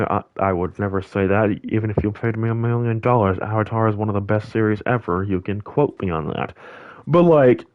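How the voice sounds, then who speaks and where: A young man chats casually while he plays a building game, rambling from topic to topic with plenty of fillers and false starts. His voice sits in the middle of the male range. The lo-fi microphone gives it a slightly dull sound. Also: medium pitch. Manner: rambling, animated, lots of fillers and restarts. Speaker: gaming channel host. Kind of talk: casual chat over gameplay.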